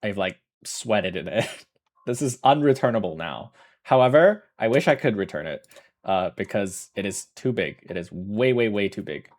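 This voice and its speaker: A man's voice: lowish voice, expressive, moderate pace. A man chatting casually on a livestream, rambling through a story, correcting himself often and laughing. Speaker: streamer.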